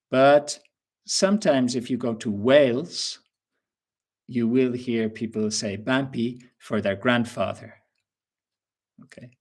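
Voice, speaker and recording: A man with an Irish accent teaching English in a webinar, explaining words slowly and patiently with examples. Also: mid-range voice. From Ireland. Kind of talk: webinar lesson.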